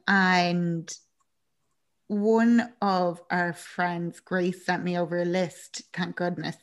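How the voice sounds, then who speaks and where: A young woman chatting casually as a podcast co-host, telling a film's story with lots of laughs and acted-out lines. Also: lowish voice. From Ireland. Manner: chatty and animated, laughing often, acting out characters' lines. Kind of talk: casual chat recapping a film.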